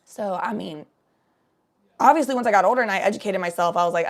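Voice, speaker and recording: A woman from Cincinnati telling stories in casual chat, blunt and profane with quick asides. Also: mid-range voice. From Cincinnati, USA.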